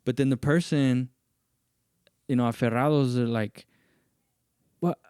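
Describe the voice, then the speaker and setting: A man hosting a podcast, telling a story in casual chat and acting out what other people said in raised, animated voices. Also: medium pitch, moderate pace, long pauses, clear, resonant tone, no room sound, studio quality. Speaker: podcast host.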